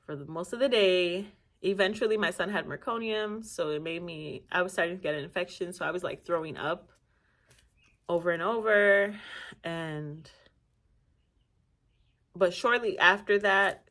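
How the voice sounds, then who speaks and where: Young woman from nigeria vlogging, chatty and lively, laughs a lot. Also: on the low side. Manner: animated, laughing often, acting out quoted voices. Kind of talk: casual storytelling.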